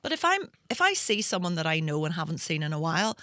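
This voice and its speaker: A woman's voice: low voice, sing-song, quick pace, a bit bright, no room sound, studio quality. A woman, hosting a podcast as a comedian, telling stories chattily and laughing often. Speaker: podcast host, stand-up comedian. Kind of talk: casual chat.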